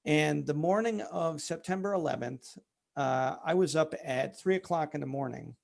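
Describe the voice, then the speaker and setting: Gravelly-voiced man telling his story. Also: on the high side, moderate pace. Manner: candid, many fillers, relives events vividly. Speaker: company founder and co-host, interview guest. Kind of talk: personal storytelling in conversation.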